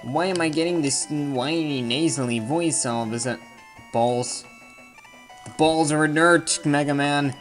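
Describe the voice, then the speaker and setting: A man's voice: a little high, moderate pace, fairly bright tone. Casual male let's-player, jokey and self-mocking, faint game music underneath. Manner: rambling, self-deprecating, jokey asides. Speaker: let's play commentator. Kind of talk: casual gameplay commentary.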